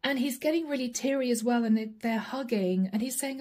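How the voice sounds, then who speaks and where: Soft-voiced woman giving an emotional tarot reading. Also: a little high, brisk. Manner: emotional, intimate, storytelling with soft asides. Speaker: tarot reader. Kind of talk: casual spoken tarot reading.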